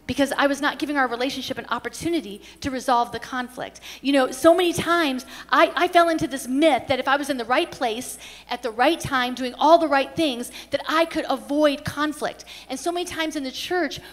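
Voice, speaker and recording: Earnest high-voiced woman in a hall. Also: a little fast. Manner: earnest storytelling with many restarts. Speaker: pastor and conference speaker. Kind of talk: conference teaching talk. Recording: reverberant hall.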